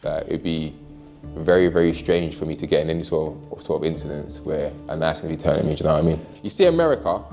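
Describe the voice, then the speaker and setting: A man with a London accent talks quickly and candidly in an interview, his voice sitting very low. He is animated and slangy, cursing freely as he recounts events. Music plays clearly under his voice. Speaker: interviewee, knife crime campaigner.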